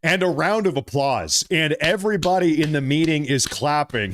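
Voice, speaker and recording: A man hosting a political commentary vlog, talking in a mocking, animated way and drawing out his emphasis. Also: fairly high pitch, normal speed, few pauses, a little hiss or hum.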